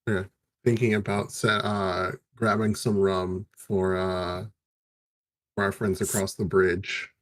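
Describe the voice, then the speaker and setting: A man taking part in a tabletop role-playing game, with a somewhat low voice and an offhand, casual way of talking. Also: little pitch movement, takes it slowly. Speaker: player.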